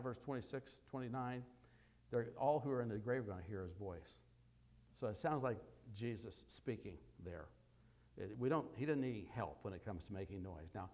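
A man preaching a sermon, with emphatic loud bursts and quieter asides as he walks through scripture. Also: mid-range voice, moderate pace.

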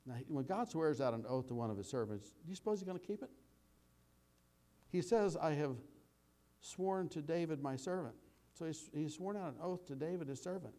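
A man giving a conversational Bible teaching, rambling with restarts and slowing down to read scripture aloud. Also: on the high side, animated, warm tone. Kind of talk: sermon.

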